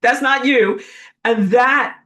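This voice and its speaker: A woman giving a casual spoken lecture, talking in a chatty way with lots of "like" and fillers. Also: takes it slowly. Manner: animated, acts out quoted voices with jumps in pitch; chatty, heavy use of "like" and fillers. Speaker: online lecturer.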